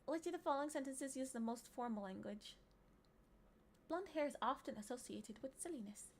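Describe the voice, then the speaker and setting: A woman's voice: high-pitched, animated, a little fast, slight background noise. A woman livestreaming in casual chat, reading quiz questions aloud in a playful, teasing way. She sometimes drops to murmurs and whispers. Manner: playful and teasing, often breaking into giggles.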